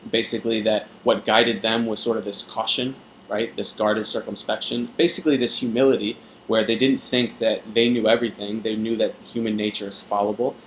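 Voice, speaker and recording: Man, fairly low voice, tutor walking through a reading passage, casual explainer, fillers, faint background hum. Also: rough recording. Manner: conversational, frequent fillers and tag questions. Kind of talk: test-prep reading explanation.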